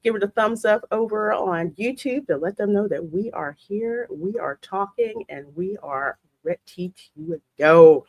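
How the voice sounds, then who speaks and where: A woman's voice: medium pitch, unhurried, few pauses, dry recording. A woman hosting a casual live-stream podcast, laughing often and talking with a lot of energy. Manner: lively, laughs often, Southern phrasing. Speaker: podcast host.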